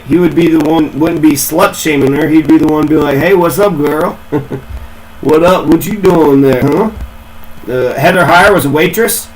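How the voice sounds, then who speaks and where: A man's voice: on the high side, a little hiss or hum, low-quality recording. A man ranting in a casual, rambling way, swearing a lot and repeating himself. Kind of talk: casual profane rant.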